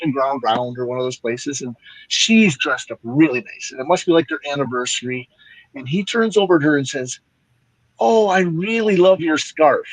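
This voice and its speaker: A man's voice: on the high side, no room sound, poor audio. A middle-aged man talking as a podcast guest, telling stories in an earnest, casual way. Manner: storytelling, earnest. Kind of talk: casual conversation. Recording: dry close sound.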